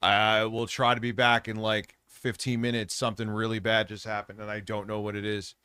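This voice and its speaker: A man streaming live, swearing freely and venting about failing tech. His voice sits a little low and sounds dry and close, with no room around it. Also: flat delivery, brisk, pushed and bright, smooth, no room sound. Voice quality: frustrated, profane ranting. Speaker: livestreamer. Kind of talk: casual livestream chat.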